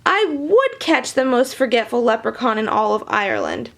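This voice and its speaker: Woman doing an excitable young farm boy. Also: fairly high pitch, normal speed, full character voice. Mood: wailing. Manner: wailing, shouting.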